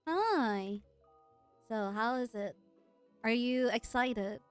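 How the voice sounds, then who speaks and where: A woman's voice: on the high side, expressive, slow, clear, resonant tone, no echo, faint music behind. A woman running a murder mystery tabletop game as game master, laughing often as she talks.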